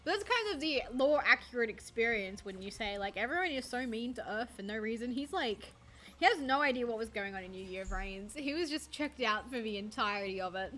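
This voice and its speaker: A woman's voice: on the high side, expressive, fairly quick, fairly bright tone, soft background music. A young woman streaming a card game, chatting in a rambling, self-deprecating way and swearing casually. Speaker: VTuber streamer. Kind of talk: casual gaming stream chat.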